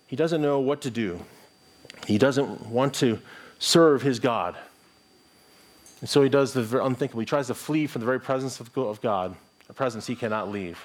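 A man's voice: medium pitch, moderate pace. A middle-aged pastor delivers a sermon in an earnest, conversational voice. He reads scripture aloud and restarts his phrases as he thinks aloud.

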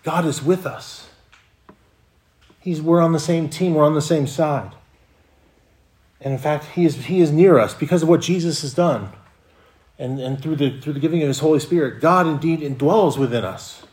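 A man's voice: on the high side, moderate pace, pauses often, darkish tone. Earnest male pastor preaching a sermon. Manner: earnest, repeats words and restarts phrases.

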